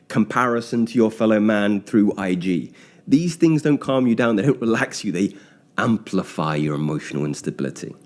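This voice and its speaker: A man with a somewhat low voice delivers a blunt, lecturing monologue. He speaks emphatically and often stops to correct himself mid-sentence. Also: a little mellow. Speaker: speaker on self-discipline.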